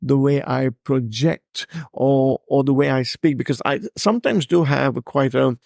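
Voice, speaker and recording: Man with a stammer, gravelly voice. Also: medium pitch, a little mellow, dry recording, studio quality. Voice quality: speech impediment. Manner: halting, repeats words, stutters on starts; emphasizes certain words, projects voice. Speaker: podcast host. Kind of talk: personal monologue.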